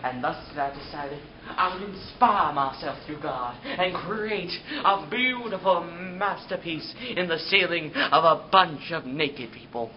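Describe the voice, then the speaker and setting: A man's voice: on the high side, measured pace, hardly any pauses, natural voice. A teenage boy playing a boastful, self-important Michelangelo in an amateur school video, recorded on dull, hissy camera audio. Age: teens. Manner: pompous, boastful.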